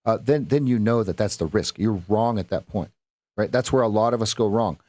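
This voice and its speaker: A man's voice: on the low side, fairly quick, a little mellow, dry recording. A man coaching viewers through live trades on a stream, talking in a rambling, self-correcting way and throwing in playful sound effects. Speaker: trading coach. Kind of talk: live-stream market commentary.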